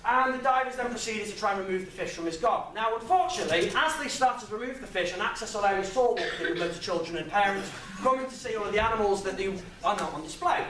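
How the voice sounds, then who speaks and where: A young man giving an informal, jokey talk to an audience, chatty and quick to laugh at his own stories. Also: high voice, animated, sharp tone, slight background noise. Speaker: guest speaker. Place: lecture room with audience. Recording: echoey room, mic at a distance.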